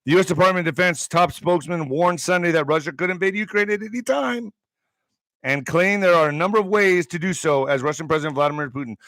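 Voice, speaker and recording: A man's voice: a little high, fast, fairly bright tone, no echo, low-quality recording. A man hosting an online commentary show, reading news items aloud and breaking off into profane, sarcastic asides. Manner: profane, sarcastic asides between read headlines.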